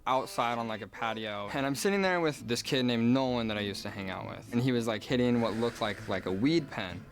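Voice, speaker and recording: A man's voice: mid-range voice, brisk. A young man telling a rambling personal story, packed with filler words. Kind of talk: storytelling trip report.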